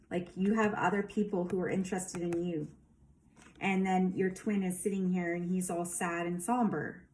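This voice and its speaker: A woman's voice: fairly low pitch, darkish tone, slight background noise. A woman giving a casual tarot reading, emphatic and rambling, with lots of fillers. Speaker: tarot reader.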